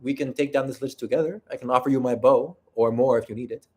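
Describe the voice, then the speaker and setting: A man voicing a seductive male fantasy adventurer from a tabletop game, with a put-on Spanish accent and a smooth, flirtatious delivery. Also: mid-range voice, fairly even intonation, fast, a little mellow, natural voice. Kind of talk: tabletop role-play voice.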